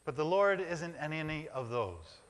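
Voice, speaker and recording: A male pastor delivers a reflective sermon in a church, building images through short phrases he repeats. His voice sits a little high and carries a bright, forceful edge. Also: sing-song, moderate pace. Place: church sanctuary.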